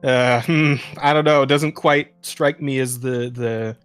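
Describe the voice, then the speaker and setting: A man's voice: medium pitch, fairly even intonation, a little slow, clean tone, no echo, soft background music. A man hosting a casual podcast chat who rambles with many fillers, swears and laughs often. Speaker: podcast host.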